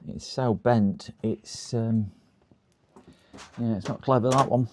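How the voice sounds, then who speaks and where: A man's voice: mid-range voice, fairly even intonation, slow pace, darkish tone, a little hiss or hum. A man talking casually on a livestream while repairing a PC, muttering to himself as he works. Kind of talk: casual live commentary while working.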